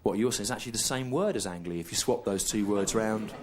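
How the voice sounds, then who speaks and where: A male stand-up comedian telling a long story in a deadpan, slow, repetitive way, over audience laughter. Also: on the low side, a little hiss or hum.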